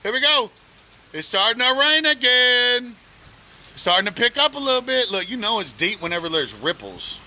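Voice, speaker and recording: A man from Oklahoma with an Oklahoma accent, livestreaming outdoors by a flooded street at night, giving loud, joking commentary full of slang. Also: very high voice, sing-song, normal speed. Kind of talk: casual live commentary.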